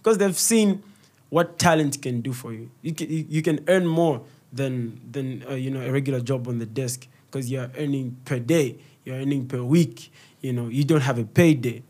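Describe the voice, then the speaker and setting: A man's voice: mid-range voice, normal speed, darkish tone. A young Zambian man with a Zambian accent, a comedian being interviewed, telling stories casually and slipping into a local language for quoted voices. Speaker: guest comedian and content creator.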